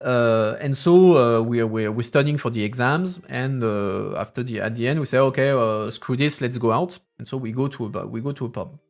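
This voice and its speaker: Speaking fairly quickly with vocal fry and hardly any pauses, this thirtysomething streamer and parliamentary assistant has a mid-range, slightly mellow voice. He tells rambling stories on a casual stream in a French accent blended with English ones, restarting often and using filler sounds.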